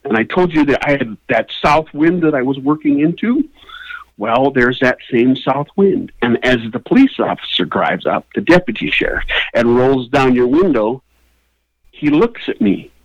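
Man, comedian, comic storytelling, swooping lively pitch, dry dull lo-fi sound. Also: moderate pace, dry recording. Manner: animated, builds to high excited peaks. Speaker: comedian guest.

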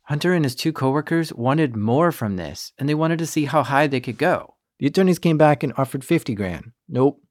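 A male podcast host reading scripted narration in a calm, even storytelling manner. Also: on the high side, normal speed, few pauses, no room sound, clean studio sound. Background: background music.

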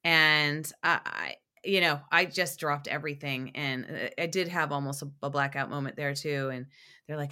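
A woman's voice: low-pitched, moderate pace. A young woman guest on a podcast, chatting casually and telling stories with lots of restarts and fillers. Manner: animated storyteller, many restarts and fillers. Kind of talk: casual interview chat.

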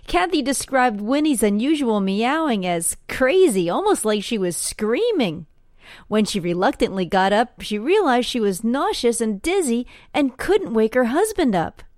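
A woman reads a short news item, steady and scripted. Her voice sits a bit high and sounds close and dry, with no room around it. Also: measured pace, no echo. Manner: even, read-aloud delivery. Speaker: news reporter.

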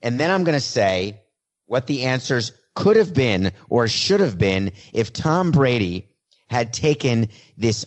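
A man doing a comedic sports monologue, talking in casual, self-mocking asides. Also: lowish voice. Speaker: sports commentator.

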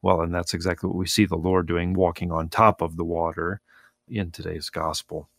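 A man's voice: deep voice, little pitch movement, moderate pace, creaky, fairly bright tone, no room sound, studio quality. A male pastor, a guest on a radio talk show, thoughtfully explaining the Sunday Bible readings with appreciation for the text. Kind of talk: radio interview, scripture commentary.

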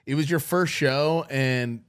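Excitable swearing man telling a story. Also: mid-range voice, slow, clean tone. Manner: animated storyteller, heavy swearing, acts out quotes. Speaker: podcast co-host. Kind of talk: casual chat.

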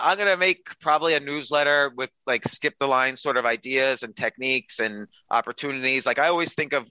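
Bright-voiced man telling quick anecdotes. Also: medium pitch, clean tone, dry recording, rough recording. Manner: chatty, self-deprecating, fast anecdotes with quoted dialogue. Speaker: podcast guest, author and comedian. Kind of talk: casual storytelling interview.

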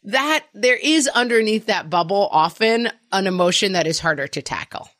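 A middle-aged woman co-hosting a parenting podcast in casual chat, animated and fond of acting out quotes. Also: medium pitch, normal speed, no echo, studio quality. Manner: animated, acts out quotes in funny voices. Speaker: podcast co-host.

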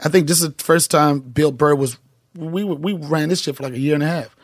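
A man's voice: on the high side, fairly quick, no room sound, clean studio sound. A middle-aged male comedian, telling emphatic, profane stories as a podcast guest. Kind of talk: casual podcast chat.

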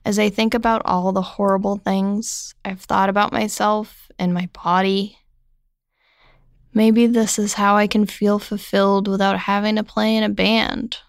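A young woman narrating a scripted first-person story in a slow, reflective way. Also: mid-range voice, level tone, vocal fry, no echo, clean studio sound.

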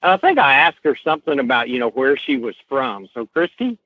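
A middle-aged man with a slow Southern Kentucky accent, telling stories as an interview guest, unhurried with many fillers. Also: mid-range voice, very animated, no echo. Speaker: guest, horse association president. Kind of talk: casual podcast interview, storytelling. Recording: tinny phone-line sound.

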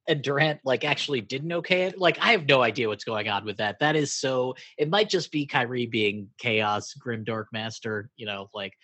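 A man from Brooklyn chats on a podcast, thinking aloud and filling with "like" as he works through ideas. His voice is slightly husky and recorded dry and close. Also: medium pitch, normal speed, hardly any pauses, pushed and bright, dry recording. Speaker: podcast co-host. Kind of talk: casual chat.

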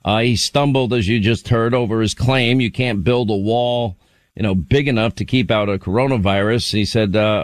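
A man's voice: mid-range voice, normal speed, no echo. A man hosting a talk radio show, mocking a speech and laughing at his own remarks as he takes calls. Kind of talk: casual political talk radio.

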